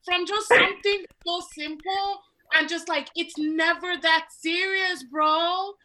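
Bright high-voiced woman chatting casually. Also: steady tone, slow, a little hiss or hum, low-quality recording. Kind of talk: casual chat.

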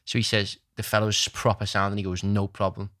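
Young man, low voice, rambling chatty storyteller. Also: fairly quick. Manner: rambling animated storytelling with British slang. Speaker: storyteller in casual chat. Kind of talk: casual chat.

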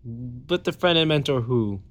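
A man's voice: mid-range voice, expressive, measured pace. A man co-hosting a casual podcast, throwing in wry, jokey comments. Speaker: podcast co-host.

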